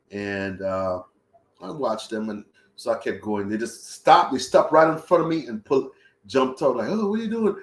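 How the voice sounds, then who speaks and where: A young man telling a travel story in casual, profane talk, acting out his own reactions as he goes. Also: medium pitch. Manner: profane, animated retelling with voiced reactions. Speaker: travel vlogger. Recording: roomy echo.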